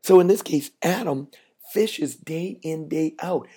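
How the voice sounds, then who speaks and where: Gravelly man spinning a yarn. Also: on the high side, a little slow, warm tone. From Canada. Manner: folksy, chatty storyteller who builds to a moral. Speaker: podcast host. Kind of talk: storytelling monologue with a business lesson.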